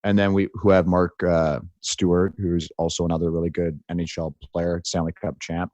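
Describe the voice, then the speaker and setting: A man's voice: low voice, level tone, moderate pace, mellow, dry recording. Bantering male podcast co-host. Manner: bantering, storytelling with many "like"s and "right?"s. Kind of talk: casual chat.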